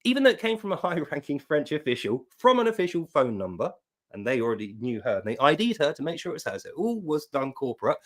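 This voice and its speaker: Sarcastic man, lively delivery. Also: on the high side, fast. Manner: mocking, reads quotes aloud in put-on voices. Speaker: online commentator. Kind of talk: sarcastic reaction commentary.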